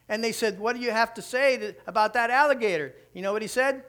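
A man preaching a sermon, telling stories with animated, acted-out quotes. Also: very high-pitched, a little fast. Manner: animated storytelling, acting out quotes. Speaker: pastor.

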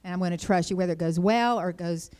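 A middle-aged woman giving an informal devotional talk, telling rambling personal stories and jumping high in pitch when she quotes herself. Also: fast talker, darkish tone, clean tone. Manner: chatty, rambling storyteller, jumps up high when quoting herself. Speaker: Christian speaker.

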